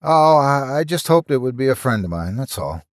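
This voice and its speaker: A man's voice: medium pitch, very animated, normal speed, no room sound, studio quality, voice pushed up, close to an everyday voice. A man voicing a young male doctor who talks hesitantly and apologetically, stumbling over his words. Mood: uneasy.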